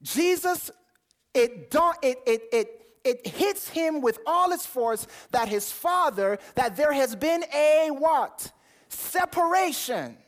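A man's voice: very high voice, animated, takes it slowly. A man preaching a sermon, reading scripture aloud in King James wording, stumbling over repeated words as he builds his points and putting questions to the listeners. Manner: asks the audience questions.

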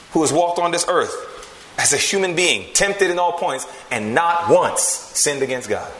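Male preacher, emphatic, lively pitch swings, bright ringing tone, roomy sound. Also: a little hiss or hum. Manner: emphatic, swings from loud to hushed. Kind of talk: sermon.

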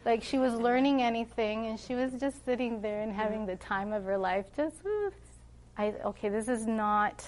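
A middle-aged woman with a fairly high voice tells stories about raising her children. She is animated and acts out the lines she and her children said. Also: moderate pace, few pauses. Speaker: homeschooling mother giving a talk. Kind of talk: casual storytelling talk.

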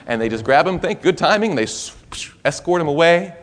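A male preacher delivers a sermon as a lively, conversational story and often circles back to restart his sentences. His voice sits somewhat high for a man, and his telling is animated. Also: fairly quick.

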